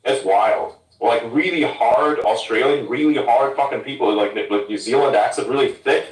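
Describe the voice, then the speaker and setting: A man's voice: medium pitch, normal speed. A man from Germany ranting bluntly and swearing in a casual podcast chat. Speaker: podcast host. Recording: roomy sound from a distance.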